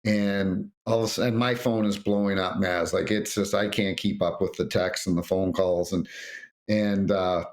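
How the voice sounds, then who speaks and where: A man's voice: deep voice, moderate pace. A middle-aged man, a retired referee, telling anecdotes on a podcast and acting out quotes with frequent restarts. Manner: animated storyteller, acts out quotes, frequent restarts. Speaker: retired hockey referee guest.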